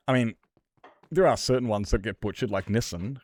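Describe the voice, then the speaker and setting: Male streamer, lowish voice, close dry mic, rambling, casual swearing. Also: a little fast, no echo. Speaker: livestreamer. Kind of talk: casual chat with viewers while gaming.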